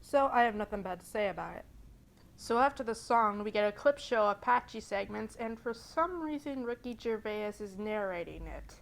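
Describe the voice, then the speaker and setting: A woman's voice: mid-range voice, animated, moderate pace, gravelly. A woman narrating a casual, sarcastic cartoon review as the channel host. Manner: snarky, sarcastic.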